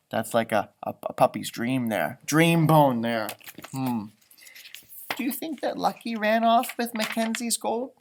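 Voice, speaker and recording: A man, a teacher, reading a picture book aloud to children, pausing to point at the pictures and ask questions. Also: a little high, expressive. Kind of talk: storybook read-aloud for children.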